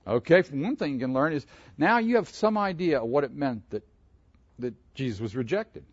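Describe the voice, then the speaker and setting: Animated preacher man, muffled sound. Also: fairly high pitch, moderate pace, no room sound. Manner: animated, asks the room questions. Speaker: pastor. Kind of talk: interactive sermon with congregation.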